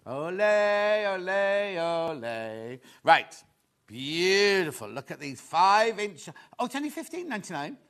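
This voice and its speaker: A man presenting a live shopping show, chatty and excitable, rambling to the crew and viewers between sales. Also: fairly high pitch. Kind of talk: live selling chat.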